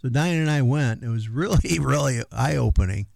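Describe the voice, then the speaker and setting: A man's voice: mid-range voice, expressive, normal speed, vocal fry, darkish tone, dry recording. A middle-aged man co-hosting a radio show in loose, rambling casual chat with many fillers. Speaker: radio co-host.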